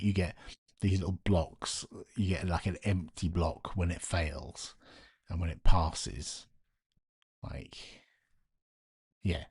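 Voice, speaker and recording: Low, husky man muttering quietly. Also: no echo, studio quality. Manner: talks to himself while working, quiet and muttering. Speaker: live-stream host. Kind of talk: casual live-stream chat. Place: home at night.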